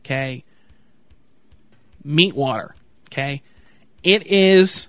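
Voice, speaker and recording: A man's voice: sits high, animated, a little slow, pauses often, no room sound. A man in a profane, comedic rant, reading a list aloud with mock announcer delivery and repeating "okay?" in disbelief. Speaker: vlogger reacting to a product website.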